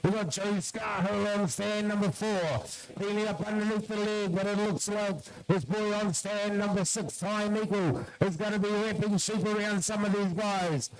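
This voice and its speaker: A high-pitched man commentates live on a shearing contest. He calls out each competitor by name and pushes them to keep going. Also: steady tone, moderate pace, rough recording. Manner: urges competitors on, calling out names.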